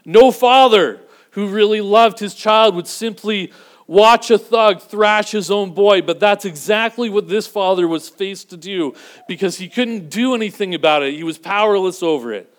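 A man preaching a sermon, earnest and building to emphatic peaks before dropping to a low, quiet delivery. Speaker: pastor.

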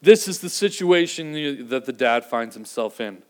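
A man preaching a sermon, earnest and building to emphatic peaks before dropping to a low, quiet delivery. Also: lively intonation, moderate pace. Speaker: pastor.

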